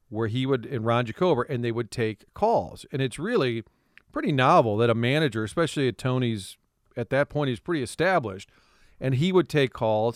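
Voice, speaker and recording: A man tells an animated story on talk radio, laughing often and slipping into other people's voices. His voice is smooth and resonant. It is recorded close and dry on a studio microphone. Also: mid-range voice, dry recording. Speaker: radio guest.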